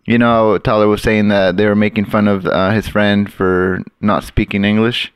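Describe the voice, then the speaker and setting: A man telling a personal anecdote in a relaxed group chat. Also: on the low side, moderate pace, smooth, no echo. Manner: easygoing, laughing storyteller. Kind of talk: casual anecdote.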